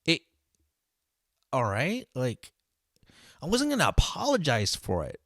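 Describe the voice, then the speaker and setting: A man who works as a line cook vents in a loose, profane monologue. His voice sits at an ordinary middle pitch, and the recording is dry with no room sound. He fills his talk with "like" and "dude" and keeps circling back as he speaks. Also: wildly swooping pitch, a little slow, a bit bright, no room sound. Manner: profane and heated, heavy on "like" and "dude"; rambling with frequent restarts. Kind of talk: casual storytelling monologue.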